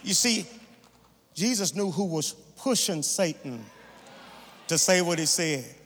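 Man, guest preacher, high gravelly voice, rhythmic shouted and sung sermon cadence, long church reverb. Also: animated, slow. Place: large church sanctuary. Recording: echoey hall, faint room ambience.

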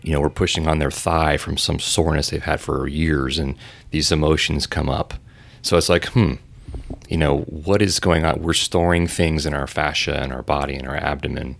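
A man's voice: very deep voice, level tone, normal speed, creaky. A man talking casually as a podcast guest, telling a long story in a loose, rambling way full of fillers.

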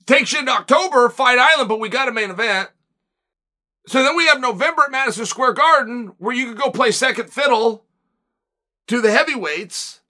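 A man's voice: very high voice, expressive, pushed and bright. A man hosting his own show, giving blunt, opinionated commentary and firing off rhetorical questions. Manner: rapid-fire rhetorical questions; emphatic and blunt. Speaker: host.

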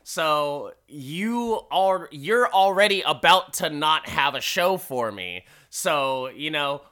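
A man's voice: on the high side, a bit bright, close to an everyday voice. A man voicing a cocky, threatening male circus ringmaster who swears a lot. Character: bullying foul-mouthed male circus ringmaster.

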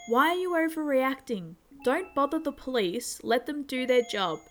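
A calm, dismissive young woman, read by a female narrator. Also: high-pitched, moderate pace, slight background noise, voice pushed up. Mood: cool.

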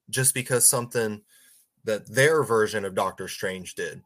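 A man's voice: lowish voice, normal speed, a bit bright. A man in casual podcast chat, rambling and stumbling over his words with frequent laughs.

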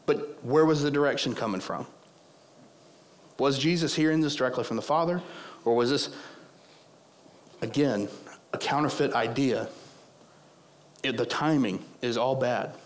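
A hoarse man preaching a sermon as pastor, conversational and prone to digressing. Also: medium pitch, unhurried, long pauses. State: hoarse, losing his voice.

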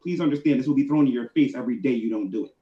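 A man's voice: mid-range voice, racing, mellow, roomy sound, highs cut off. A man arguing hard in an online debate, combative and repeating his points as he talks over others.

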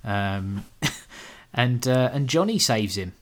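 A man's voice: medium pitch, lively intonation, takes it slowly. A man co-hosting a podcast, recapping a film in casual chat with dry sarcasm, swearing and laughing as he goes. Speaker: podcast co-host.

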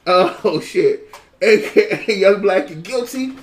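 High, lively-voiced man joking around. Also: slow, distant mic. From United States. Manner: laughing, joking, trading nicknames. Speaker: podcast co-host. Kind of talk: casual chat.

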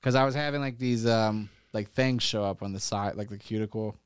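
Young guy for loose podcast chat: smooth clear voice, dry close sound, profane and rambling. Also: fairly low pitch, fairly quick, no room sound. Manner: rambling, profane, heavy with "like" fillers, laughs often. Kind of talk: casual chat.

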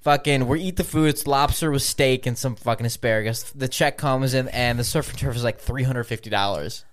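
A man's voice: mid-range voice, a little fast. A man in his twenties in a casual chat, reacting with exclamations and swearing easily. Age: 20s.

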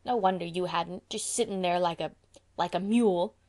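A woman's voice: fairly low pitch, normal speed, a little mellow, lightly acted. A woman voicing a defiant, sulky young boy in an audiobook reading. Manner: boastful then sulky.

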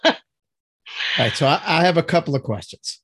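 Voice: medium pitch, lively intonation, normal speed, fairly bright tone, husky. A host laughing easily while casually asking interview questions.

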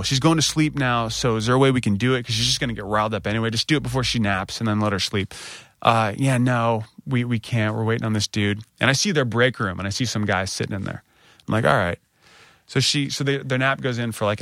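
A man in his thirties, a podcast co-host, telling a candid story and jumping up in pitch when he quotes himself. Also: fast talker, no room sound, studio quality. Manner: animated retelling, voice rising when quoting himself.

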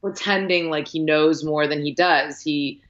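Woman guest, very low voice, chatty and filler-heavy, slightly muffled sound. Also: fairly even intonation, a little slow. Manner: chatty, lots of likes and ums, acts out quotes. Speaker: podcast guest, film critic. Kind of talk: casual film discussion.

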